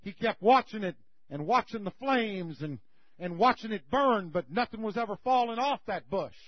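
Preacher, high voice, folksy storytelling, dry muffled sound. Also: male voice, normal speed, dry recording. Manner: folksy, animated retelling. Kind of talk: sermon storytelling. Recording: slightly muffled recording.

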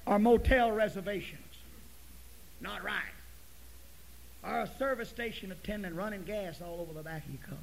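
A male preacher giving a folksy sermon, dropping to near-whispers and then rising to loud, forceful preaching. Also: high-pitched, normal speed, vocal fry, pauses often, a little hiss or hum, rough recording. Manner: folksy storytelling.

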